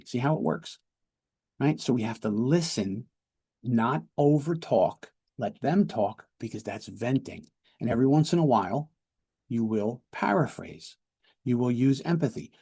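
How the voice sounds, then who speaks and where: Lieutenant guy teaching a class, rough gravelly voice, kinda mellow, keeps saying right?. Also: medium pitch, animated, a little slow. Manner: explanatory, repeats words and checks in with "right?". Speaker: police lieutenant and de-escalation instructor. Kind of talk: training lecture.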